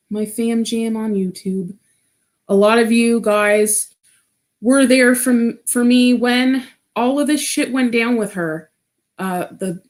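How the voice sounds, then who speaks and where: A woman hosting a casual livestream, talking frankly with many restarts, nervous laughs and swearing. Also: medium pitch. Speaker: livestream host. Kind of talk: casual livestream chat reading comments.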